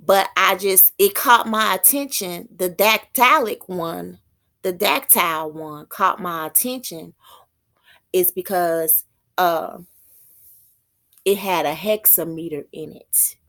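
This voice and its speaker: A woman's voice on the low side, with a fairly bright tone, guides listeners through poetic meter in an informal spiritual setting. She muses aloud, slows to read terms, and stumbles over words new to her.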